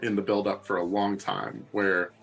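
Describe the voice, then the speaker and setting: A man co-hosting a book podcast in casual chat, jokey and fond of acting out characters in quick asides. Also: low voice, flat delivery, creaky, fairly bright tone, rough recording.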